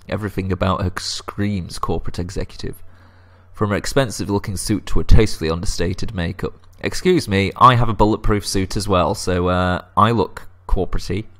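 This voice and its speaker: A man's voice: low voice, fairly bright tone. A man narrating a video game playthrough, cracking self-deprecating jokes. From England, Lancashire. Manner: joking, self-deprecating asides. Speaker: let's play host. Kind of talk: video game let's play commentary.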